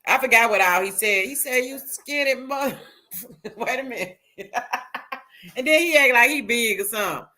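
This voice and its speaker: A woman's voice: on the high side, pushed and bright. A woman vlogger giving casual reaction commentary, chatting to viewers with laughs and swearing.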